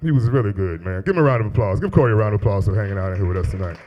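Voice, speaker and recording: The voice is fairly low and racing, with the highs cut off. A stand-up comedian in his thirties uses a handheld stage mic for a loose, profane club set, teasing the small crowd and laughing along at his own jokes.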